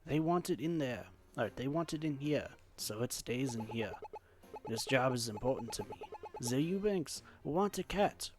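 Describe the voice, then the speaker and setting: A man's voice: mid-range voice, expressive, normal speed, noisy background, natural voice. A man voicing a proud, fussy male cook from the country, speaking with a faintly put-on accent. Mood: worried. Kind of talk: game dialogue read-aloud.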